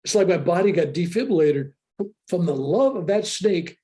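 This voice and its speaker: An older man telling a story with animated excitement as an interview guest on a video call. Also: high-pitched, moderate pace. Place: room with a sheetrock wall.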